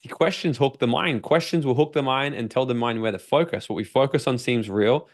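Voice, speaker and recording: A man with an Australian accent speaks as a podcast guest at a mid-range pitch. He is a personal development coach who talks with lively energy and swears freely. He often slips into the voice of his own inner doubts. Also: brisk.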